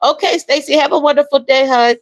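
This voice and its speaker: A woman hosting a livestream, talking emotionally and softly with viewers, reading their comments and calling them y'all. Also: high-pitched, steady tone, a little fast, no room sound, low-quality recording. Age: adult with a young daughter. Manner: emotional, soft-spoken, repeats phrases, addresses viewers as y'all and baby. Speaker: livestream host.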